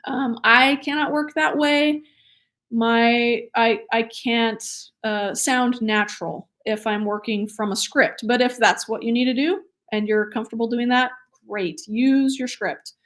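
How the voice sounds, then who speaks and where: Woman instructor, slightly higher voice, energetic and conversational lecture delivery. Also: unhurried. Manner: energetic and enthusiastic; chatty, with fillers and laughs. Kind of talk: recorded training lecture.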